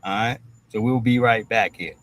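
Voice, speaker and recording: A man's voice: lowish voice, normal speed, fairly bright tone, no room sound. A man hosting a streamed commentary monologue, talking bluntly with plenty of profanity and a habit of asking "all right?" after nearly every point. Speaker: host.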